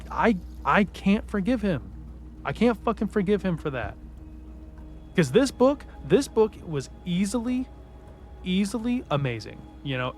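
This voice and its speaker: A man giving a casual spoken book review in a heated, profanity-heavy rant. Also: a little high.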